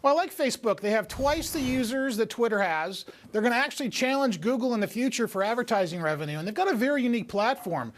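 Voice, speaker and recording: A man's voice: very high-pitched, lively intonation. A man appearing as a guest financial advisor, giving careful, hedged stock opinions. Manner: measured, hedging answers. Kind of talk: remote TV interview.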